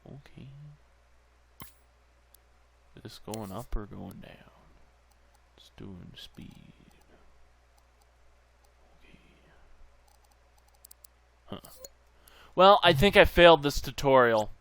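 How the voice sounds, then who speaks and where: A man's voice: medium pitch, sing-song, drawn-out words, gravelly, long pauses, fairly bright tone, slight background noise. A man hosting a gameplay channel, muttering to himself as he tinkers, with bursts of goofy sing-song nonsense. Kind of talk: casual gameplay commentary.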